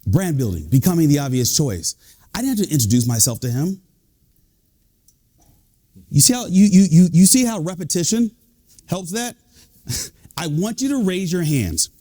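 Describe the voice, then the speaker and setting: A man, an executive coach and leadership speaker, giving a lively, joking talk to a live audience. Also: on the high side, moderate pace, pauses often. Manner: lively, joking, animated delivery.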